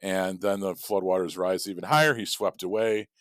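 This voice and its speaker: A man with a very low voice telling a long story on a casual podcast. He rambles, swears freely and fills his pauses with ums and uhs. The sound is dry and close, with no room around it. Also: steady tone, a bit bright, no room sound. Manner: rambling storyteller with profanity and many fillers. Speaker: podcast co-host.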